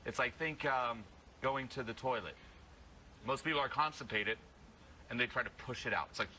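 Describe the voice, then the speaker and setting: A man coaching a live workshop audience, blunt and energetic, breaking into loud yells. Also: mid-range voice, normal speed, long pauses, a little hiss or hum, low-quality recording. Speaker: social confidence coach.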